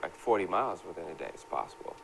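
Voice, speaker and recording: A man's voice: low-pitched, expressive, fast, creaky, a little hiss or hum. A man hosting a casual fan talk show, upbeat and conversational. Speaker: host. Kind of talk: casual chat.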